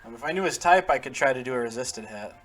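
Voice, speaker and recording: A fast-talking man with a mid-range, fairly bright voice and lively intonation hosts a gaming channel. In his casual let's-play, he chats, laughs often, and addresses the characters on screen.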